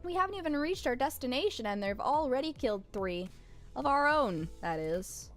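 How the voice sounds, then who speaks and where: A woman's voice: sits high, sing-song, normal speed, soft background music. A woman streamer chatting playfully and reading game dialogue aloud, with giggly joking asides.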